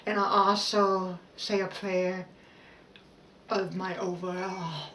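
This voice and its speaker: A woman vlogging a personal self-help talk in a slow, halting, heartfelt way, pausing and restarting as she speaks. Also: fairly low pitch, little pitch movement, fairly bright tone. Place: outdoors. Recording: roomy echo, voice a bit far from the mic, faint background noise.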